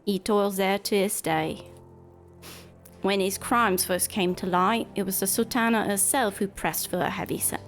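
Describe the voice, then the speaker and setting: A woman's voice: medium pitch, slow pace, long pauses, soft background music, natural voice. A woman voicing a smug, scheming male guildmaster in a game, with a put-on accent and a grand, formal delivery.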